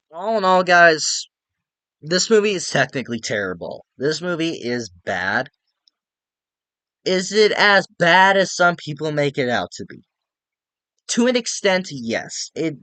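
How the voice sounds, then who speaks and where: A man's voice: medium pitch, sharp tone, no room sound. A young man giving a casual, profane, exasperated movie review rant, rambling with lots of filler words.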